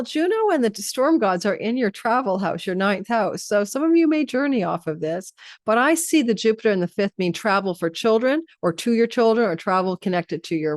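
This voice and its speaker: A woman's voice: mid-range voice, no room sound, clean studio sound. A middle-aged woman, an astrology host, talking casually to her viewers and telling a rambling story with frequent restarts.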